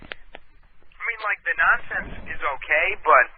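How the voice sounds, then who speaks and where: A man's voice: on the high side, lively intonation, takes it slowly. A man co-hosting a radio show over the phone, talking in hesitant, casual chat. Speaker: radio co-host calling in. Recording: tinny phone line with faint hiss.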